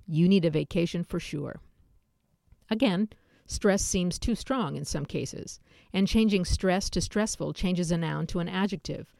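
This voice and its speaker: Low, gravelly-voiced woman reading with wry humor. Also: warm tone, no room sound. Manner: wry, dry humor in asides; measured, explanatory delivery. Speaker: audiobook narrator. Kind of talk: scripted nonfiction reading.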